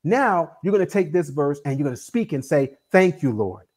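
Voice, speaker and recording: A man preaching a sermon, emphatic and animated, often speeding up and slowing down. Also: on the high side. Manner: animated, emphatic preaching with shifting pace and volume. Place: church sanctuary.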